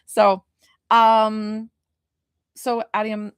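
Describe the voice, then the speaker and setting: A woman's voice: mid-range voice, level tone, very slow, clean tone, no room sound, clean studio sound. Chatty woman medium on a live stream. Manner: chatty, emotional, laughs often. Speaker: spiritual medium and healer. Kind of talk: casual live-stream reading.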